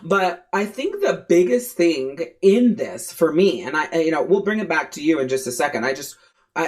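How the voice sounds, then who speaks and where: A woman coach speaks in a candid podcast monologue. She is blunt and swears freely. Her talk is loose and conversational, full of "you know" and "right", and she stacks repeated phrases to drive a point home. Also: low voice. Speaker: life coach and podcast host.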